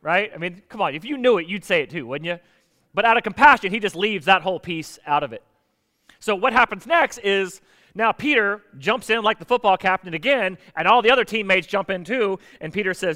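Animated preacher in an echoing hall. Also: male voice, sits high, a little fast. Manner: animated, acts out quotes with rising energy. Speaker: pastor. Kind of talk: sermon. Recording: reverberant hall.

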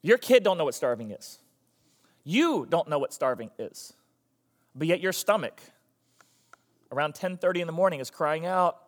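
A man preaching a sermon as a pastor, animated and emphatic, repeating phrases for effect. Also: a little high, normal speed, long pauses, long reverb tail.

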